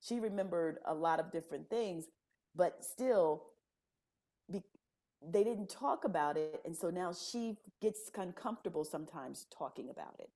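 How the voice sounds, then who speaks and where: A woman speaking as a podcast guest, her voice sitting a little low and swinging widely in pitch as she tells her story. She slips into the people she quotes and keeps her tone casual and expressive. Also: normal speed. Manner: animated, laughing storyteller who acts out quoted dialogue.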